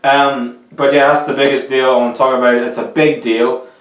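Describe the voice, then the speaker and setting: A man's voice: mid-range voice, little pitch movement, moderate pace, a bit bright, far from the mic. A young man giving casual, opinionated football transfer commentary in a rambling, chatty way. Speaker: football vlogger. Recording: roomy echo, a little off the mic.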